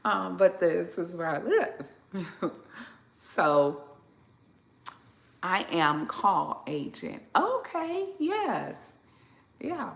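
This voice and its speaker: A woman from southern Illinois hosting a casual live stream from her home kitchen, unhurried and chatty as she answers viewers with plenty of fillers. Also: on the low side, vocal fry, fairly bright tone, roomy sound. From southern Illinois, Midwest.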